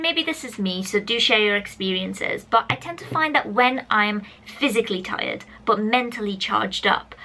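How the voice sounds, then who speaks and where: Bright-voiced chatty woman vlogger. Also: fairly high pitch, poor audio. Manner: animated, chatty, addresses viewers directly. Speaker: YouTube vlogger. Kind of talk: casual talk to camera.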